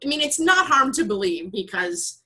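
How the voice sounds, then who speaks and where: A woman's voice: medium pitch, big pitch swings, normal speed, bright, forceful tone, poor audio. A woman co-hosting a casual podcast, reading out trivia questions and laughing along with cheerful apologies. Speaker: podcast co-host running trivia. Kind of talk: casual chat.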